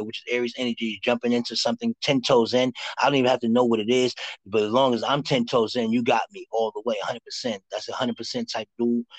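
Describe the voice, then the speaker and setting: A man's voice: medium pitch, no echo, rough recording. A man from Harlem with a New York accent, giving loose, slangy tarot readings to callers on a live show. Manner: loose street talk, playful vocal riffs. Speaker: tarot card reader.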